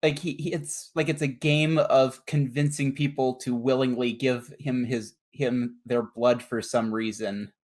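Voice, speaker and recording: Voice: medium pitch, fairly even intonation, unhurried, hardly any pauses, darkish tone. A tabletop game player talks casually about their character in a mid-range voice. They hesitate often, circling back and restarting phrases. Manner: hesitant, many fillers and restarts.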